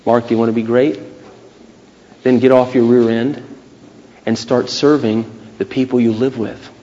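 A preacher voicing God's calm inner voice. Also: male voice, medium pitch, moderate pace, in a large hall, lo-fi sound, slight background noise, voice pushed down, close to an everyday voice. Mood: firm. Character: God as a gentle inner voice, male.

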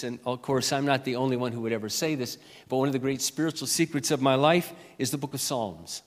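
A pastor preaches, sharing a personal story earnestly before reading scripture slowly and loudly. His voice sits in the mid-range, and the sound carries the feel of a large room.

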